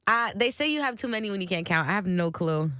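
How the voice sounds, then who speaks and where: A woman in her twenties, a guest on a radio show, talking in a relaxed, chatty way full of "like". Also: mid-range voice, fast talker, dry recording, studio quality. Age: 20s. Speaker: musician guest. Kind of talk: casual radio interview. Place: radio studio.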